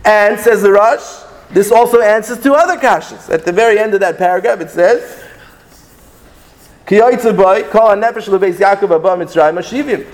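A man teaching a Talmudic lesson, reading Hebrew texts aloud and explaining them in an animated, sing-song way with many restarts. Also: high voice, normal speed. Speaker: Torah teacher. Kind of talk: Talmudic lecture.

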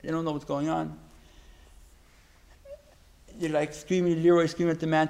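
Gravelly high-voiced man telling a story. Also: flat delivery, darkish tone. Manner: halting, many restarts and repeated words. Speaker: religious teacher. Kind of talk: religious talk with a story.

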